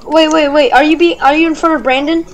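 A woman's voice: high-pitched, steady tone, fast. A woman playing a horror game with friends, urging them on and calling out what to do. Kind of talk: casual gaming chatter.

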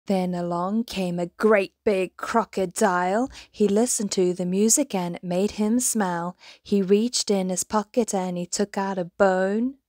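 A woman's voice: mid-range voice, fairly even intonation, a little slow, few pauses, darkish tone, no echo, studio quality. A woman reading a children's picture book aloud in a sing-song, rhythmic way, playing with the sound words. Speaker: storybook reader.

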